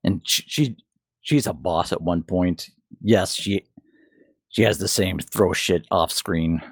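A man with a very low voice gives blunt, opinionated takes in casual podcast chat. The sound is dry and close, with no room around it. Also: darkish tone, breathy edge, no room sound. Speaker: podcast co-host.

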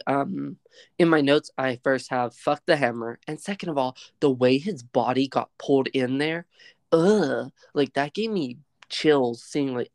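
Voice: mid-range voice, dry recording. Cohost ranting about a movie, blunt, swears a bit, dry close sound. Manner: animated, blunt and swears casually. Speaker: podcast co-host. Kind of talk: casual movie review chat.

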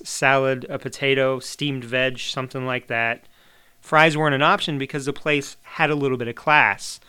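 Male podcast host, middle-aged, chatty and opinionated, smooth clear tone. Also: mid-range voice, sharp tone. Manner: chatty, opinionated, swears casually. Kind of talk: casual monologue.

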